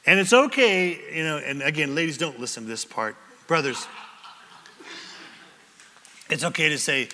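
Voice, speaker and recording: A high, bright male voice preaching with lively, theatrical energy, slipping into quick character voices to make a point. He addresses a congregation in a church. The sound carries a long reverb from a large hall. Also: a little hiss or hum. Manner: animated, acts out little scenes in different voices. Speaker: pastor. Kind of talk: sermon. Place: church sanctuary before a congregation.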